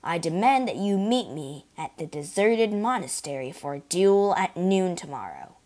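A woman's voice: fairly low pitch, very animated, normal speed, a little mellow. A woman voicing a haughty, curt older male musketeer in a storybook reading.

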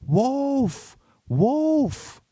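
A man's voice: very high voice, big pitch swings, extremely slow, mellow, husky, no echo, clean studio sound, pitched above the performer's own voice, exaggerated voice. A man voicing a bored, mischievous young shepherd boy in a read-aloud storybook. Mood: shouting.

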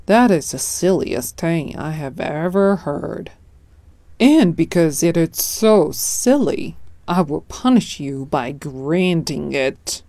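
Woman reading as a grumpy old frog witch, deep croaky voice, slow and scolding, storybook. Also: lively intonation, warm tone, no echo, heavily acted. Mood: scornful. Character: ancient grumpy wise female frog who does magic.

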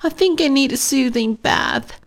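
A woman voicing a bossy, scheming little girl in a storybook, in a high whiny sing-song. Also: unhurried, creaky.

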